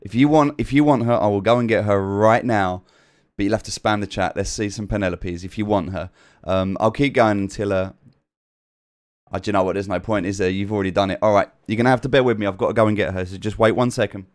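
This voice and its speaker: A man's voice: on the low side, fairly even intonation, fast. A man hosting a casual livestream from an upstairs room at home, chatting straight to his viewers and often repeating himself. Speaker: livestream host.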